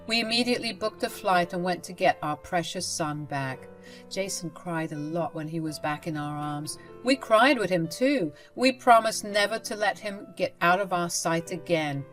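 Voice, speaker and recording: Low-voiced woman narrating a story.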